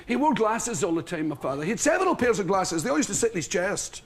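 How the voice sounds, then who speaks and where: A Scottish man with a high, wildly swooping voice rambles through a funny story about his father. He laughs as he goes and keeps losing the thread. A noisy television studio hums behind him. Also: big pitch swings, fast. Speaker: guest. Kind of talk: storytelling on a chat show.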